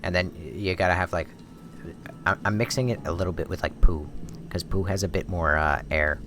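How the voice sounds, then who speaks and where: A man's voice: low voice, steady tone, a little fast, a bit bright. A man streaming, rambling casually and swearing freely as he breaks off and restarts his thoughts. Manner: rambling, profane, self-interrupting. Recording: noisy background.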